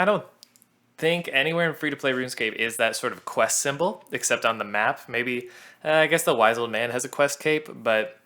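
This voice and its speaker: A man's voice: medium pitch, bright, forceful tone. A man giving casual commentary on a musical he wrote, chatty and self-deprecating, often laughing at his own jokes.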